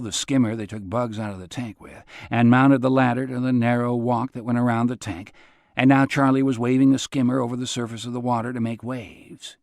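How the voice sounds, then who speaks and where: A man's voice: medium pitch, darkish tone, no echo, clean studio sound. A man narrating an audiobook in a laid-back, understated way. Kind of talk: scripted narration.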